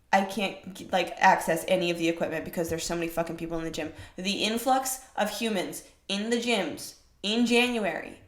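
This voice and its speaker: Blunt, cursing woman podcaster. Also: medium pitch. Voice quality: blunt, profane, emphatic. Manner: rhetorical questions, animated swings in loudness. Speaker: fitness podcast host, personal trainer. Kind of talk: casual monologue. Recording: roomy echo.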